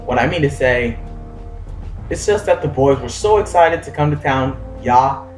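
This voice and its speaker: A man voicing a burly male pirate who pleads and rambles in a high, drawling voice. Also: reverberant, lightly acted, poor audio. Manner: pleading, rambling, says y'all.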